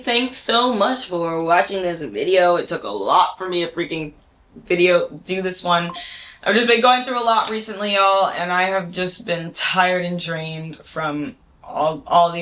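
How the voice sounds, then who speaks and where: A woman's voice: lowish voice, a bit bright, echoey room. A young adult woman vlogging in a chatty, playful, slangy way, and reading a poetic diary entry aloud.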